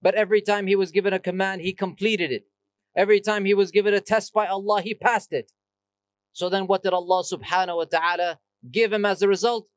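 A man's voice: high-pitched, steady tone, brisk, no echo. A male preacher giving a Friday sermon in a mosque, switching between chanted Arabic verses and English explanation.

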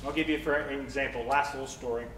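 A young man preaching a sermon with a personal story, animated, acting out quotes and swinging from loud to soft. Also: fast talker. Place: church. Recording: echoey church hall, mic at a distance, faint rumble.

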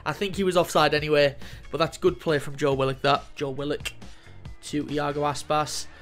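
A young man doing excitable, jokey let's play commentary while he plays a football game, swearing often. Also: a little high, moderate pace, faint music behind. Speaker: gaming YouTuber.

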